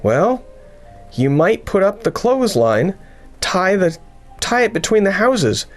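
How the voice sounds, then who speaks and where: A man voicing a gentle, sensible young girl in a storybook reading. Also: high voice, very animated, unhurried, soft background music, pitched above the performer's own voice. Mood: patient.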